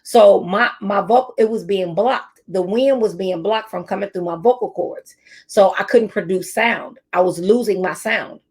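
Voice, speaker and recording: A woman's voice: medium pitch, moderate pace, a little mellow, breathy edge. A middle-aged woman teacher and speaker giving a motivational talk to teachers, telling stories and repeating her key phrases.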